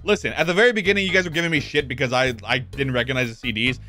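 Bright-voiced young man rambling and joking over a game, swoopy, faint game music. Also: medium pitch, very fast. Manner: animated, swears casually, jokes. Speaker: streamer. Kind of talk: live gameplay commentary.

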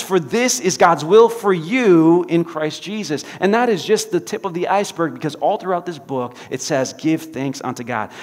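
A male pastor with a fairly high voice preaches a sermon in a church sanctuary, telling animated stories and acting out the voices of the people in them. A church hall's long reverb surrounds his words.

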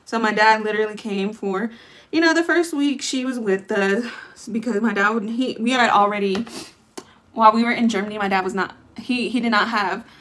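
A woman's voice: mid-range voice, a bit bright, a little hiss or hum. A young adult woman vlogging, telling a long story in a chatty way, full of fillers and acted-out quotes. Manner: chatty, lots of fillers, acts out what people said. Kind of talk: casual storytelling.

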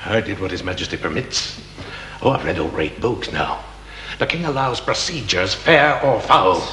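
An actor playing a stern county magistrate who speaks to a jury in a declamatory, questioning manner, from a 1970s television drama. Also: male voice, fairly low pitch, lively intonation, moderate pace, pushed and bright, slight background noise. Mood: defensive. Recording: echoey reverberant old film sound.

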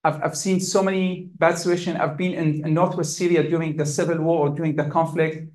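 Man, high-pitched voice, physician at a talk, emotional, halting delivery. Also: little pitch movement, a little mellow. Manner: emotional, halting, with repeated restarts. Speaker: physician speaker. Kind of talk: personal account at a public talk.

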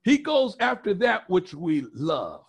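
A man's voice: high-pitched, wildly swooping pitch, slow, gravelly, husky. A male pastor preaching a sermon, emphatic and repetitive, prompting the congregation with questions.

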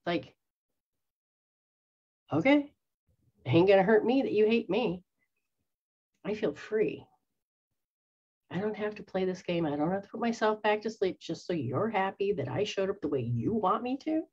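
Woman, spiritual teacher, earnest, acts out quotes, breathy mid pitch, dull recording. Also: lively intonation, moderate pace, pauses often, darkish tone. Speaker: psychic medium and spiritual teacher. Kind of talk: spiritual talk to followers. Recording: dull lo-fi sound.

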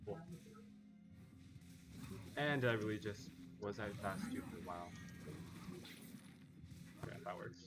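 Chatty gamer man, lowish voice. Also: expressive, slow, pauses often, loud music behind the voice. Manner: chatty, laughs often, trails off quietly. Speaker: streamer playing a video game. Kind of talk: casual chat while gaming.

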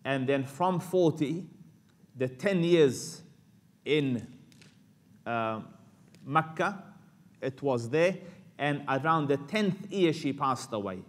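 A man's voice: mid-range voice, animated, slow, long pauses. A man teaching an Islamic lecture in a loose, conversational way, full of fillers and Arabic phrases.

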